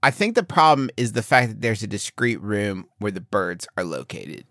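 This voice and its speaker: A man co-hosting a comedy podcast, delivering animated mock-serious rants in casual banter. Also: lowish voice, moderate pace, no echo, clean studio sound. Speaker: podcast co-host.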